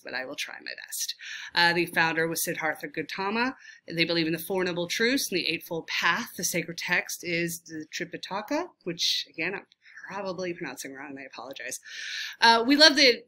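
Bright-voiced Southern woman teacher. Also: lowish voice. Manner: casual, self-deprecating, chatty with fillers. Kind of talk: classroom review lecture.

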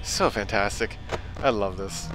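A man's voice: fairly low pitch, measured pace, music in the background, poor audio. A man hosting a gaming video, joking and rambling crudely as he plays. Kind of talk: let's play commentary.

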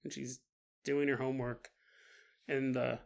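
A man's voice: medium pitch, little pitch movement, unhurried, creaky. A man hosting a paranormal podcast, retelling a story casually with joking asides and laughter. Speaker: podcast host.

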